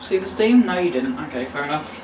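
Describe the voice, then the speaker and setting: A woman's voice: deep voice, animated, brisk, a little mellow. A woman hosting a casual cooking demonstration in a home kitchen, chatting along with joking, self-mocking asides. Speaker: cooking video host. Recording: noisy kitchen with clattering pans. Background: cutlery, pots and kitchen ambience.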